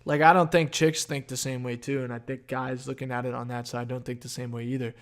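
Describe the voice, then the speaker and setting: A man's voice: medium pitch, level tone, fairly quick. A young man hosting a casual solo podcast outdoors, rambling and profane with lots of fillers. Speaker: podcast host.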